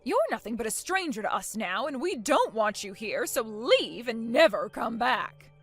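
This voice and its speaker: Woman playing a loud demanding mother-in-law, indignant, lively swooping pitch, faint music underneath. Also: normal speed, breathy edge, heavily acted. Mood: outraged. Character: bossy angry middle-aged mother-in-law. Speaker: voice actor. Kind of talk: animated story voice acting.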